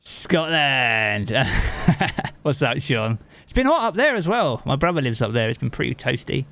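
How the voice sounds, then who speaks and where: A man's voice: mid-range voice, very animated, measured pace, fairly bright tone. Chatty Southern English man streaming. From England. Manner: chatty, swears freely, answers chat messages. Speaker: game streamer. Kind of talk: casual live-stream chat.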